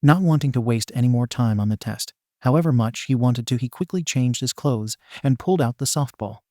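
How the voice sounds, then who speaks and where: A man's voice: mid-range voice, fairly quick, a little mellow, no room sound, studio quality. A man reading a comedic fan story aloud in a wry, tongue-in-cheek narrating voice.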